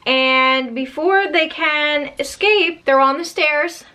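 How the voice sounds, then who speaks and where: A woman narrating a spooky tale in casual storytime style, chatty and animated with slangy asides. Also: high voice, unhurried, few pauses.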